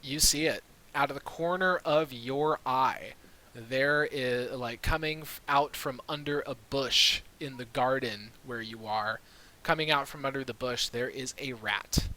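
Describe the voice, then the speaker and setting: Laid-back male game master, slow and bright, narrating on a USB call mic. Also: medium pitch, low-quality recording. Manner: relaxed, filler-heavy storytelling. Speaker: dungeon master. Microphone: USB mic on a video call.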